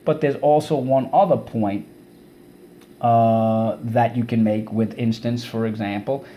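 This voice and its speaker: A male teacher giving an online vocabulary lesson to kids, energetic and repeating words and syllables for students to say back. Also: mid-range voice, a little slow, dull audio, slight background noise.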